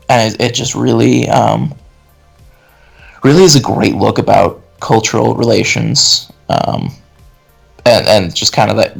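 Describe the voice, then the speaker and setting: A man's voice: mid-range voice, creaky. A man hosting a podcast, chatting casually about films with many fillers and restarts over a call. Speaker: podcast host. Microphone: video call.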